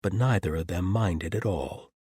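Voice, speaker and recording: A man reading an audiobook in measured, even scripted narration. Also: deep voice, husky, no room sound, studio quality.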